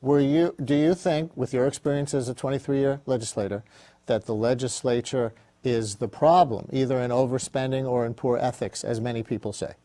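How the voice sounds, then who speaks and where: A man hosting a TV interview, reading a measured scripted intro then asking quick questions in a studio. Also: medium pitch, fairly even intonation, dark tone. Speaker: host.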